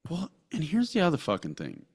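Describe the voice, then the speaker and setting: A man's voice: on the high side, wildly swooping pitch, fairly quick, creaky, husky. A man co-hosting a podcast, talking in a crude, rambling way with lots of swearing and restarts. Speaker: podcast co-host. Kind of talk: casual crude podcast banter.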